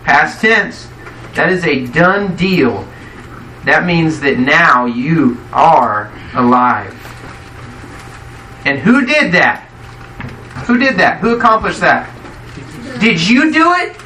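A man's voice: fairly high pitch, expressive, slow, long pauses, bright, forceful tone, slight background noise. A man preaching a sermon in a conversational way, often asking his listeners questions. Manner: conversational, asks the congregation questions. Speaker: pastor. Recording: echoey hall, mic from a distance.

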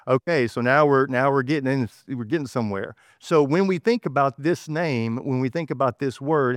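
A man's voice: mid-range voice, clear, resonant tone, dry recording, studio quality. A man with a Texas accent preaching a conversational sermon, folksy and self-correcting as he goes. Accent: Texan. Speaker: pastor.

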